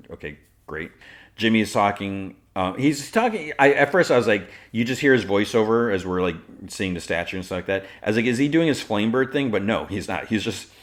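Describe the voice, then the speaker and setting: A man's voice: low voice, a bit bright. A man hosting a podcast, recapping an episode in a casual, rambling way with lots of fillers and restarts. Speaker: podcast host.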